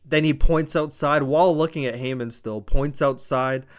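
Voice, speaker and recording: A man reviewing a wrestling show, giving a casual, animated blow-by-blow recap with some swearing. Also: on the high side, moderate pace, clear, resonant tone. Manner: animated, blow-by-blow retelling with profanity.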